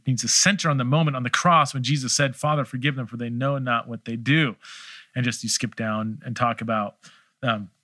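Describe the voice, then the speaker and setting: A man's voice: mid-range voice, sharp tone, no room sound. A middle-aged man hosting a listener Q&A, talking in a thoughtful, hesitant way with many restarts. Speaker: podcast host answering listener questions. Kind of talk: casual theological Q&A.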